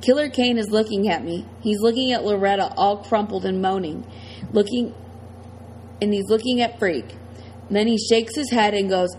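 Casting: woman audiobook narrator, mid pitch, dramatic first-person delivery. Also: normal speed, darkish tone, slight background noise, rough recording. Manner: tense, dramatic storytelling.

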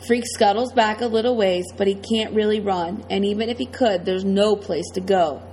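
Casting: woman audiobook narrator, mid pitch, dramatic first-person delivery. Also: fairly even intonation, moderate pace, a little mellow, slight background noise, poor audio. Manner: tense, dramatic storytelling.

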